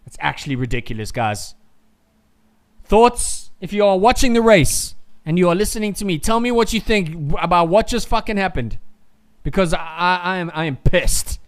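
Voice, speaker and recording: A man with a fairly high, smooth, clear voice streams live reaction commentary over a motor race. He rants in heated, profane bursts, then sinks into grumbling asides to his viewers. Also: lively intonation, moderate pace. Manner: heated, profane ranting that swings to muttering.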